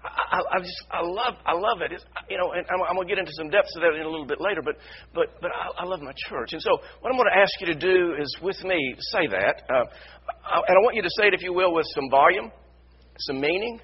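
A man preaching a sermon as pastor, repeating his phrases and building to loud emphasis. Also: sits high, fast, muffled recording, slight background noise. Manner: repetitive, builds to shouted emphasis. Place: church sanctuary.

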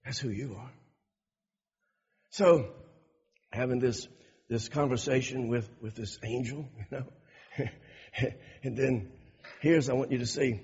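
A man's voice: medium pitch, slow pace, pauses often, darkish tone, slightly rough. A man preaching a sermon with emphatic, repetitive delivery. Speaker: pastor. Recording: dull, echoey hall recording.

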